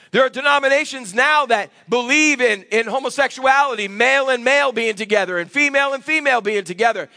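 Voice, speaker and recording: A man's voice: very high voice, bright, forceful tone, no echo, clean studio sound. A male pastor preaching a sermon, using emphatic delivery and calling for amens from the congregation. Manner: emphatic preaching with call-and-response. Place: church sanctuary.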